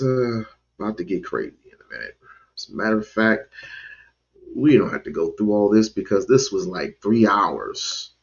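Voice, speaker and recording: A man talks slowly on his own channel, his voice gravelly and fried at the edges. He rambles in a loose, casual commentary, jumping up and down in pitch. The audio is dull and lo-fi. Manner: rambling, with sudden pitch jumps. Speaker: channel host.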